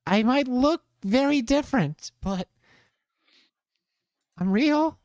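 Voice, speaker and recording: A game master performing a strange shape-shifting creature in a lifted, airy voice. It speaks softly and reassuringly, the clean, smooth sound of a live tabletop stream. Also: high-pitched, lively intonation, slow pace, dry recording, studio quality, pitched above the performer's own voice, heavily acted. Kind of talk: tabletop game role-play.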